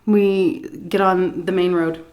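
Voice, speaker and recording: A woman vlogger telling a story on an eating vlog, animated and profane, often clearing her throat. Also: on the low side, slow pace.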